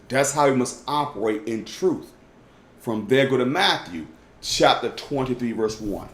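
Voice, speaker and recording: Man, informal Bible teacher, animated, emphatic, echoey room. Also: on the high side. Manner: emphatic, repeats "y'all", swings from loud to hushed. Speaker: teacher leading a Bible study.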